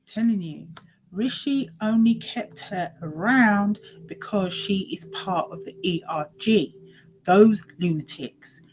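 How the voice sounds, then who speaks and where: Woman tarot reader, unhurried, repeats herself for emphasis; dull recording with faint hiss. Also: medium pitch, a little mellow. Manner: emphatic, repeats phrases, swears casually. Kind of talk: casual tarot reading commentary.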